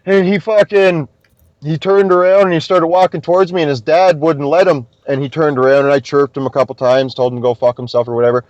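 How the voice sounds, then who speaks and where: High-voiced man telling stories. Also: quick pace, hardly any pauses, no echo, muffled recording. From Nova Scotia, Canada. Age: young adult. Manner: animated, profane, swears constantly. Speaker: podcast guest. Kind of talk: casual storytelling.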